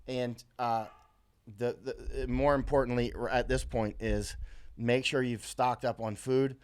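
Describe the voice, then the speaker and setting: This is an American man running his own live stream and talking straight into a computer mic. His casual talk rambles, full of fillers and restarts, as he answers viewer comments. His voice sits at an ordinary middle pitch. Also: fairly even intonation, a little slow, smooth. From USA.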